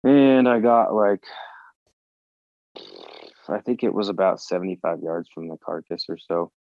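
Very deep-voiced man telling a wild story. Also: unhurried, no room sound, lo-fi sound. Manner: animated, swears freely, acts out his own reactions. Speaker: podcast guest. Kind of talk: storytelling in casual conversation.

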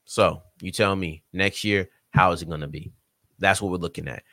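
A man's voice: deep voice, fairly even intonation, normal speed, sharp tone, no room sound, studio quality. A man hosting a solo sports podcast, talking casually and straight to his listeners, with a slight country twang at times. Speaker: podcast host.

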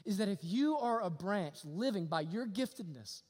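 High, bright-voiced preacher in a hall. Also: male voice, normal speed, breathy edge. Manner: animated, swings from loud to hushed. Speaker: pastor. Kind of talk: sermon. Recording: long reverb of a hall.

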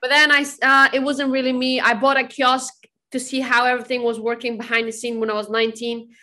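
Brisk and on the high side, the young woman's voice carries her bubbly, laugh-filled stories. She's a podcast interview guest chatting casually and telling tales with animation.

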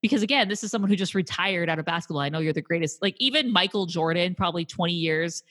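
Woman podcast co-host, lower pitch, animated storyteller recapping a film. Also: fast. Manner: animated retelling with laughter. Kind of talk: casual movie discussion.

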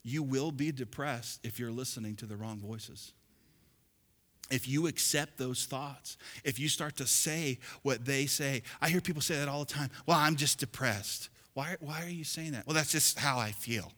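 A male pastor preaching a sermon, swinging from quiet asides to loud, shouted passages. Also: medium pitch.

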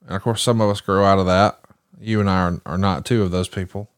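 A man's voice: low voice, steady tone, quick pace, clear, resonant tone, no room sound, clean studio sound. A man in his forties co-hosting a casual chat and reciting facts with enthusiasm. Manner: enthusiastic, fact-listing. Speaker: podcast co-host.

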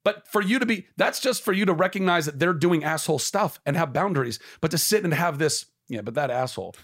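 A man's voice: high-pitched, brisk, fairly bright tone. A man talking earnestly and with passion in a casual conversation, swearing freely and sometimes dropping to a whisper.

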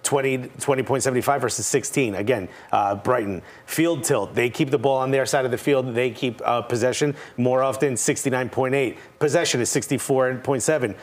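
A male pundit in a relaxed panel chat, breaking down tactics and reeling off statistics. He has a dry, sarcastic edge, and his voice sits at an ordinary mid pitch. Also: a little fast, few pauses. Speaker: soccer pundit.

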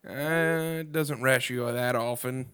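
A man's voice: medium pitch, steady tone, takes it slowly, a bit bright, slight background noise. A man in casual chat, telling his stories in a rambling, hesitant way.

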